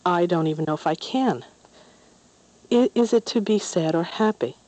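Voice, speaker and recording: Woman reading as a young merboy, shy, innocent, wondering, soft and mellow, storybook. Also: on the low side, normal speed, no echo, natural voice, rough recording. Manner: hesitant, wondering.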